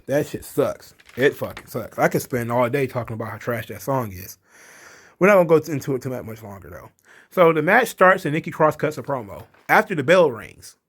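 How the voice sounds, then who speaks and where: Profane ranting man recapping wrestling. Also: medium pitch. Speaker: wrestling commentary host. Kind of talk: casual recap commentary.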